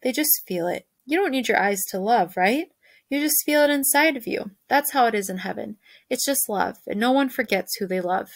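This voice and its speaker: A woman voicing a tired, loving mother who soothes her son at night in a soft, hushed voice. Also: a little high, expressive, moderate pace, no echo, studio quality. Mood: soothing.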